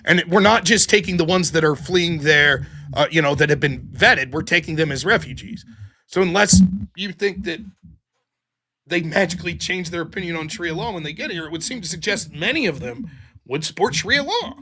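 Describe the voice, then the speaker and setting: Animated American man arguing his point. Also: on the high side, fairly quick. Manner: argumentative, lively, acts out quoted voices. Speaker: livestream host. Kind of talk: heated political debate.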